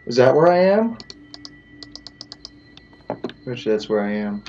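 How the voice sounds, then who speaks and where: A man's voice: mid-range voice, very animated, slow pace, darkish tone, muffled recording, a little hiss or hum. A man hosting a let's play, joking and talking to the game as he plays. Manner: jokey, talks to the game. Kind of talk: gameplay commentary.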